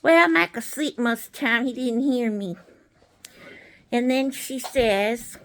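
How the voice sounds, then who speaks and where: A woman playing with stuffed animals, talking in a slow, coaxing, babying sing-song manner. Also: high-pitched, fairly bright tone. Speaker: caregiver playing with toys. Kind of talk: playful talk to an adult in her care.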